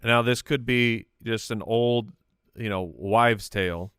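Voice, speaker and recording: A man's voice: medium pitch, takes it slowly, a bit bright, clean tone, no room sound, studio quality. An American man co-hosting a comedy podcast, telling goofy stories in playful banter. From United States. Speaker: podcast co-host. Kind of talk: casual comedy chat.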